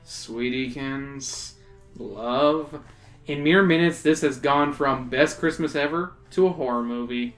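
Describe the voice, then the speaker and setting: A woman's voice: deep voice, faint music behind. A woman co-hosting a casual podcast, joking with friends and reading a choose-your-own-adventure book aloud. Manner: laughing, joking, reads narration slowly.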